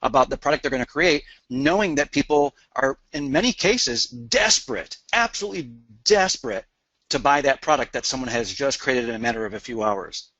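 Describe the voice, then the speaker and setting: A man co-hosting a training session, calmly passing on the audience's questions to the instructor. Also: mid-range voice, no room sound, muffled recording. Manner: measured, relays audience questions. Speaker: co-host asking questions.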